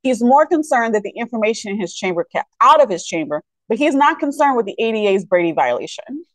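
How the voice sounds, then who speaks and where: A woman delivers indignant legal commentary with a sarcastic edge, breaking into mocking quotes. Her voice sits on the higher side. The recording is dry and close, with no room sound. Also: sing-song, fast, dry recording. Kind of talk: commentary over court footage.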